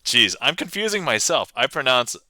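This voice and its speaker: A man's voice: medium pitch, sing-song, normal speed, bright, forceful tone, no room sound. A man from New England with a light New England accent, streaming casually, reading a tricky poem aloud, laughing and stumbling over words as he thinks aloud.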